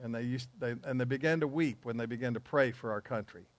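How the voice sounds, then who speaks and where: A man's voice: medium pitch, quick pace, no room sound. A man teaching a men's group in an earnest, emphatic preaching style, with asides along the way.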